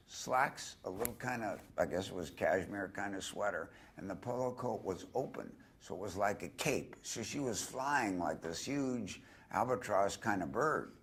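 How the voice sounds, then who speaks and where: A man's voice: on the low side, gravelly, husky. An older man, an interview guest, telling a long personal story and doing voices for the people he quotes. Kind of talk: anecdotal storytelling.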